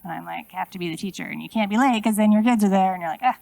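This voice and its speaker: Keynote speaker, woman in her forties with some vocal fry; casual, talks straight to the room with rhetorical questions. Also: medium pitch, very fast, warm tone, no echo, low-quality recording. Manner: conversational, asks the audience many rhetorical questions. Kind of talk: conference keynote talk. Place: conference room.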